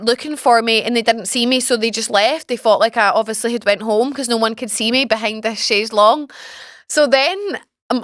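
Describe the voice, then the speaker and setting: Young woman host, chatty storyteller, pitched a little high, dry close sound. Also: no room sound. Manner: chatty, animated, swears freely. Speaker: podcast host. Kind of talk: casual storytelling chat.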